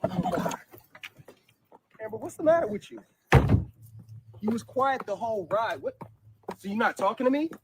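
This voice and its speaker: A man playing a husband in a comedy skit, shouting his denials and then pleading softly with his wife. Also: high-pitched, expressive, moderate pace, long pauses, very noisy. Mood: defensive.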